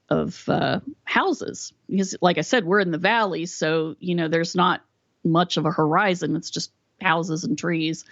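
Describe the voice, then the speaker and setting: A woman's voice: lowish voice, vocal fry, dry recording, highs cut off. A woman from West Virginia, a podcast guest, telling a story and acting out the dialogue with energy. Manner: animated storyteller who acts out quoted dialogue. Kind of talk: storytelling in a casual interview.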